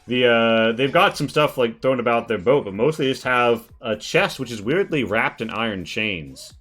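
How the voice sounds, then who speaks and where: A man narrating a tabletop game as game master, casual and halting with many fillers. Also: mid-range voice, expressive, a bit bright.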